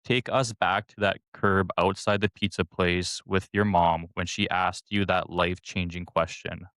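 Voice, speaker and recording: Deep, smooth-voiced male podcast host. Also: steady tone, a little slow, fairly bright tone, dry recording. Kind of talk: scripted interview introduction.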